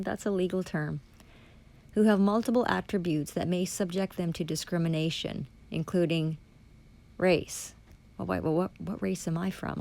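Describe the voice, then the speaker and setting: A woman's voice: fairly low pitch, vocal fry, a little mellow. A woman ranting angrily and sarcastically as she reads a policy document aloud and rebuts it, swearing often. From Canada. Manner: profane, sarcastic, accusatory. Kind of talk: angry ranting monologue.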